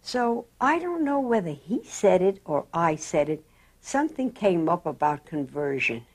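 Slow-talking elderly woman telling her life story. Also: on the low side. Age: older. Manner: slow, reflective, animated in quotes. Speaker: interviewee. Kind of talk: oral history storytelling.

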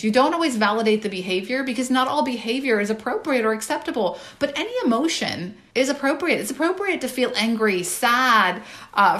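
A woman's voice: medium pitch, a bit bright. Conversational woman hosting a parenting talk. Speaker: parenting webinar host. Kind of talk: casual advice talk.

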